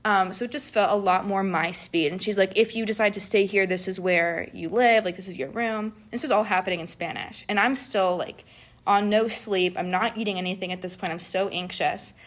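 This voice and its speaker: A young woman in casual conversation, telling a story in an animated way and acting out what people said, with many "like"s. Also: medium pitch, a little fast. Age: young adult. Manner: animated, acts out quoted people, says "like" often. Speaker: guest telling a study-abroad story.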